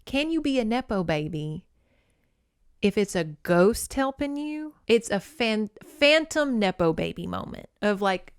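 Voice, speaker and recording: A woman podcast host giving a campy, animated comedic recap of a novel and slipping into character voices. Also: medium pitch, unhurried, smooth, dry recording, studio quality.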